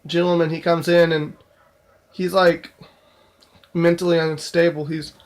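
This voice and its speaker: A man's voice: on the high side, flat delivery, a little slow. A young man casually telling a story from his job in a vlog, rambling with lots of fillers and restarts. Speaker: store clerk telling a work story.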